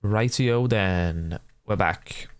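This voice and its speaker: A young man casually chatting with his stream viewers while playing a game, often swearing and yelling at the characters on screen. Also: lowish voice, drawn-out words, clear, resonant tone, no echo. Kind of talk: casual gameplay chat with viewers.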